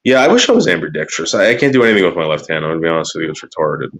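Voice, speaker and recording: A man's voice: sits low, very animated, rapid-fire, a bit bright. A man rambling to his chat on a livestream, cursing often and repeating words as he starts his sentences. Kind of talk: rambling casual stream chat.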